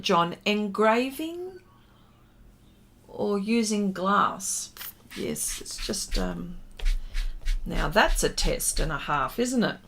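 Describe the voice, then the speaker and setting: A woman's voice: mid-range voice, pushed and bright, slight background noise. A woman artist chatting casually with viewers during a livestream pastel demonstration, greeting them and laughing often.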